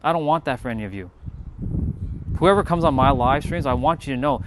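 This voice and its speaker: A man's voice: mid-range voice, lively intonation, brisk, noisy background. A man speaking to his live-stream viewers in a casual motivational monologue, earnest and blunt, swearing freely and repeating words for emphasis.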